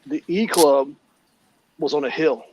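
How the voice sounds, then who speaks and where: A man's voice: on the high side, unhurried, darkish tone, a little hiss or hum, low-quality recording. A man on a video call telling laid-back, profane stories and laughing at them. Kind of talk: casual chat on a video call.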